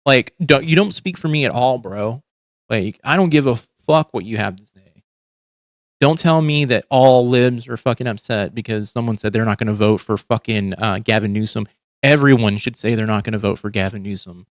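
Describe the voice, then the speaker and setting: A man's voice: medium pitch, normal speed, no echo, clean studio sound. A man hosting a livestream, ranting in casual commentary with heavy swearing and frequent restarts. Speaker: livestream host.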